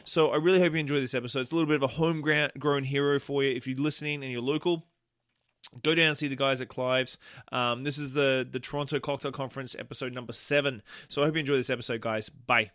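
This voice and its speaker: A man hosts a casual podcast with a loose, rambling delivery full of fillers. His voice sits at a middle pitch, and the room around him is echoey. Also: quick pace. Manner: relaxed, rambling with many fillers. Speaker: podcast host. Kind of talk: casual interview chat. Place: bar or room, recorded on a phone. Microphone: phone recorder.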